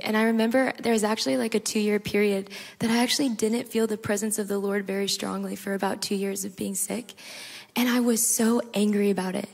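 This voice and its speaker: Woman panel guest, earnest testimony, casual speech, long hall reverb, mid pitch. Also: vocal fry. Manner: earnest, conversational, with frequent "like". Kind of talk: sharing a personal faith testimony on stage. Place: large hall at a live church gathering.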